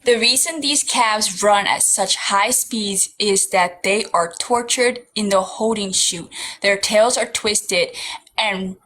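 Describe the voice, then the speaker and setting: A woman guest on a live stream who talks quickly and reads a text out loud. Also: medium pitch, rough recording. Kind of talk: casual chat and reading aloud.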